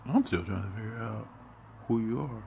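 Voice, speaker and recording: A man with a heavily gravelly, low and dark voice, ranting in a profane, confrontational monologue. He drops into hushed, almost whispered muttering, then bursts out loudly. Faint noise hums underneath. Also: moderate pace. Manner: confrontational, swings between hushed muttering and loud outbursts; streetwise slang, heavy swearing.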